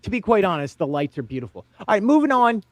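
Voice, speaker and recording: A man hosting a casual group chat, animated and quick to laugh as he steers the talk. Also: sits high. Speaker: podcast host.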